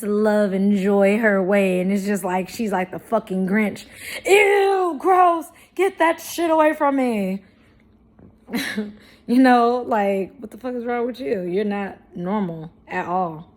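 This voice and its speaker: A woman's voice: medium pitch, a little slow, hardly any pauses. A woman from St. Louis talking straight to camera in a casual storytime vlog, blunt and slangy with heavy swearing, laughing now and then as she makes her points. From St. Louis, Missouri, USA. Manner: animated, laughs between points. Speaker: vlogger.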